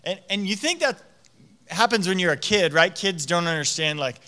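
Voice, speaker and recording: A man in his thirties with a high, bright, forward voice delivers a sermon like a relaxed chat. He tells stories animatedly and leans on casual "like" and "um" fillers as he goes. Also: moderate pace. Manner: animated storytelling with frequent "like" fillers. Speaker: preacher. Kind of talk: conversational sermon.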